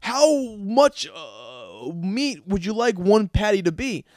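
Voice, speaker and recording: Man playing a tired butcher, raised pitch, flat patient questions, comic sketch. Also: slow pace, no room sound, clean studio sound, exaggerated voice. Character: weary male butcher behind a counter.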